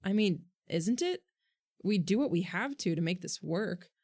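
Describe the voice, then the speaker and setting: A woman's voice: on the low side, expressive, measured pace, a little mellow, husky, heavily acted. A woman voicing a wry, guarded boy in a storybook reading, close to her own voice.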